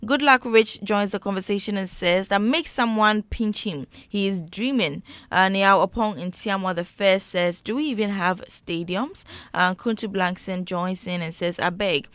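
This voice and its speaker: A woman's voice: mid-range voice, moderate pace, hardly any pauses, fairly bright tone, clear, resonant tone, no echo. A woman co-hosting a morning radio show, reading listener comments with playful asides. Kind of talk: casual morning radio chat.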